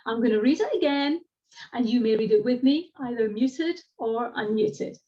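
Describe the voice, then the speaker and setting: A middle-aged woman teaching an online classics seminar, explaining pronunciation in a lively way and speaking directly to her participants. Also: on the high side, moderate pace. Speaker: classics lecturer. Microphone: video call. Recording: distant, dull lo-fi video call audio.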